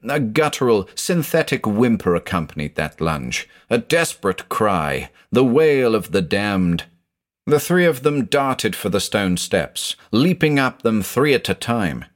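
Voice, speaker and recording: A man narrating a scripted audio mystery drama in a dramatic, expressive storytelling manner. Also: lowish voice.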